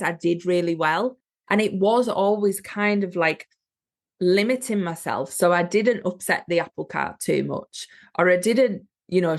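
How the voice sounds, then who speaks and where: A woman hosting a solo podcast, speaking earnestly and motivationally to her listeners as a business coach. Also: fairly low pitch.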